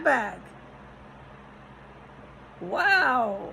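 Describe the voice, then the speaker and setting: Agitated, cursing woman with a gravelly voice. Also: medium pitch, moderate pace, slight background noise, low-quality recording. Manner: agitated, profane, trailing off and restarting. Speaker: vlogger. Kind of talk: rambling frustrated monologue. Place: rented room in a house.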